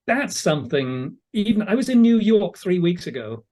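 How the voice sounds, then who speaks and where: An older British man from England, an audiobook narrator, speaks in a warm, high-sitting voice that's very animated yet at normal speed. In a casual interview he's chatty and self-deprecating, telling anecdotes.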